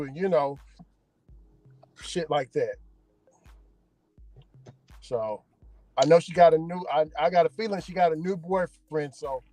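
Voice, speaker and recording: A man's voice: fairly high pitch, dark tone, poor audio. Slangy man talking from his car. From Hawaii. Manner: loose slangy talk, hesitant restarts. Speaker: delivery driver and channel host. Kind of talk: casual chat while driving.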